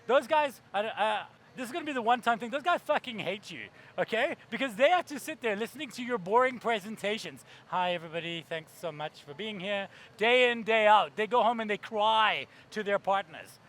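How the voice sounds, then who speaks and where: A man's voice: sits high, animated, fairly quick, few pauses, fairly bright tone. A man giving a keynote talk on stage, brash and profane, acting out voices for comic effect. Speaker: keynote speaker.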